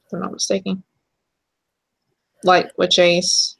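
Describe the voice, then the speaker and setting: A young woman co-hosting a casual chat show, chatty and quick to laugh. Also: on the low side, monotone, vocal fry, slightly rough. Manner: chatty, laughs easily, trails off and restarts. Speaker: podcast co-host.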